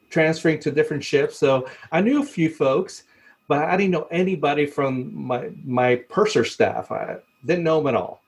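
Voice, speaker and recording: A man telling a story in casual talk, laughing often and acting out the people he quotes. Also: medium pitch. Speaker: podcast guest, former cruise ship purser.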